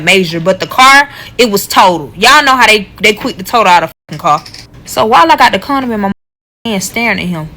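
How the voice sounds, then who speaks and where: A woman telling a casual storytime, blunt and profane, animated as she retells what happened. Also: mid-range voice, poor audio.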